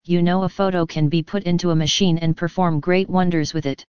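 A man's voice: high voice, flat delivery, a little fast, smooth, no echo, lightly acted. Furious elderly farmer man, indignant, dull recording, woman reader. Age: older.

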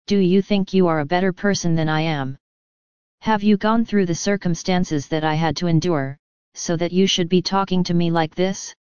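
A man's voice: high-pitched, steady tone, moderate pace, a little mellow, clean tone, no echo, close to an everyday voice. Bitter male ex-inmate, angry outbursts, dull lo-fi sound, read by a woman. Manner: angry, bursts out.

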